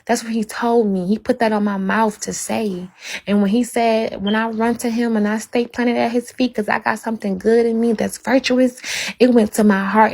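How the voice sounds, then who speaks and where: Woman livestreamer, preachy faith testimony, rough gravelly texture, fervent and direct. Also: mid-range voice, a little mellow, rough recording. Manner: fervent, repetitive, talks straight to viewers.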